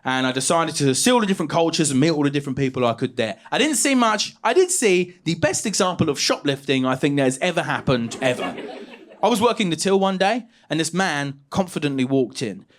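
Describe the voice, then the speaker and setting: A stand-up comedian, telling stories on a comedy stage into a handheld mic. His voice sits high for a man and swoops all over the place, jumping into loud shouted punchlines. The delivery is animated and restless. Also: a little fast, slight background noise. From England. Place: comedy stage with a live audience.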